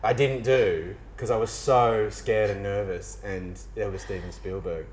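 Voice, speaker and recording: A man's voice: lowish voice, measured pace, poor audio. Australian male actor, chatty and self-mocking, slight hiss behind him. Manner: animated storyteller, self-mocking, frequent restarts. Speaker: actor being interviewed. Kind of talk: casual interview chat.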